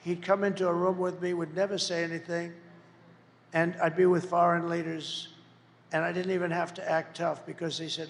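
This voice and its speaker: A man's voice: on the high side, little pitch movement, normal speed. A man giving a boastful, rambling campaign rally speech, mocking his opponents as he goes. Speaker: political candidate. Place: large rally venue. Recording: echoey hall, faint background noise.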